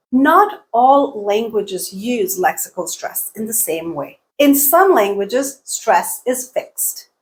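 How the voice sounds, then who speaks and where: Woman teaching English with deliberate stress. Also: mid-range voice. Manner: clear, deliberate teaching delivery with stressed key words. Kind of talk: scripted language lesson.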